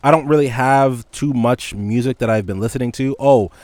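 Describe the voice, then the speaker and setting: A man's voice: mid-range voice, normal speed, darkish tone, no room sound. A young man hosting a casual solo podcast, ranting in an exasperated, profane way and laughing between points. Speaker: podcast host. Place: indoors with heavy rain outside.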